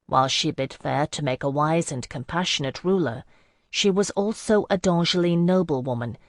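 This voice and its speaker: A woman narrating a fantasy novel in the first person, in a measured, even storytelling manner. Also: sits low, no room sound, studio quality. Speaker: audiobook narrator.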